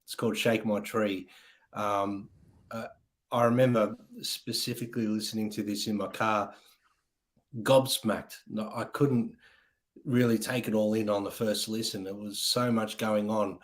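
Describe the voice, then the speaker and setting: Low-ish guy hosting a rock album show, keen and rambly, lots of ums. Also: little pitch movement, a little slow. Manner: enthusiastic, rambling with many ums. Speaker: podcast host. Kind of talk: casual chat.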